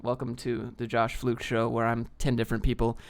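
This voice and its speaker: A man's voice: medium pitch, monotone, brisk. A man hosting a casual livestream, reading chat questions aloud and answering in a rambling, joking way.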